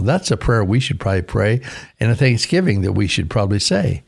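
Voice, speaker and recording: A man's voice: mid-range voice, animated, a little fast, gravelly, darkish tone. A man in his sixties from Idaho, a pastor hosting a radio devotional, talking in a folksy, rambling way that corrects itself as he goes. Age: 60s.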